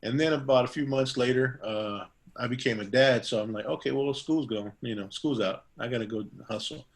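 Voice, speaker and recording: A middle-aged man telling stories in a laid-back interview. He rambles through fillers and restarts, and he jumps up in pitch whenever he acts out what others said. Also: brisk. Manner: acts out quoted dialogue in a raised voice. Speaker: guest barber. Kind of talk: casual interview storytelling.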